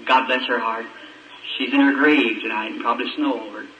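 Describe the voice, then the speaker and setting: A man's voice: mid-range voice, fairly even intonation, brisk. A man from preaching a storytelling sermon, folksy and heartfelt, with stammering restarts. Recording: old echoey church recording, distant mic, muffled, hiss.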